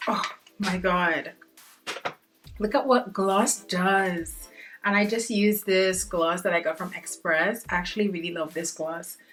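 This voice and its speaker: A woman's voice: fairly low pitch, measured pace, a bit bright, faint music behind. A young woman talking through a makeup tutorial in a chatty, playful way, speaking directly to her viewers. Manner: chatty, playful, addresses viewers as guys and sis. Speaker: beauty vlogger. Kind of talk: casual makeup tutorial chat.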